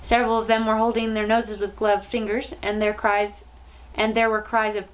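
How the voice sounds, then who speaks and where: A woman reading a children's novel aloud with expressive, dramatic storytelling. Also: mid-range voice, moderate pace, poor audio.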